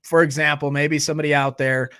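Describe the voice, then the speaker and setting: A man hosting a live recovery stream in a loose, joking, animated way. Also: a little high, a little fast, clean tone, no echo, clean studio sound. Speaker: host. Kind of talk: casual live-stream chat.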